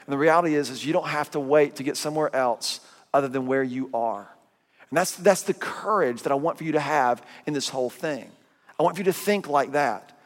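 A middle-aged man pastor giving a sermon, telling stories with self-mocking humor and voicing quick asides. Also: fairly high pitch. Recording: long reverb of a big hall.

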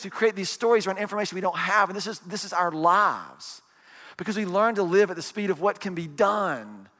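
Animated man preaching in a reverberant hall. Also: on the high side. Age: 40s. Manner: animated storytelling, rhetorical questions to the congregation. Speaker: pastor. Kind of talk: sermon.

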